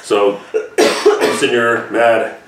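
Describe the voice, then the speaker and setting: A man's voice: mid-range voice, lively intonation, takes it slowly, a bit bright, a little hiss or hum. A man hosting a reaction video, telling a rambling story to camera with heavy swearing. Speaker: reaction channel host. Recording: echoey room from far off.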